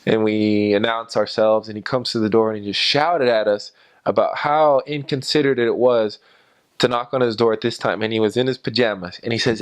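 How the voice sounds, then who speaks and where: An American man, a former missionary, telling anecdotes in a halting way with many fillers. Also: on the low side, steady tone, clear, resonant tone. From United States. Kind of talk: personal anecdotes in an interview.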